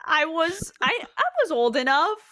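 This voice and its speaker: A woman on a podcast, teasing the others and laughing quickly. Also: high voice, animated, pushed and bright, no echo, studio quality. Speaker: podcast co-host. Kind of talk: casual podcast chat.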